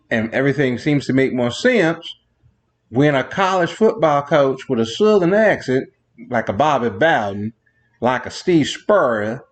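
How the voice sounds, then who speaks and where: A man hosting a sports show, ranting in a rambling monologue full of digressions, exasperated with new rules. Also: medium pitch. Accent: New York. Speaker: sports radio host.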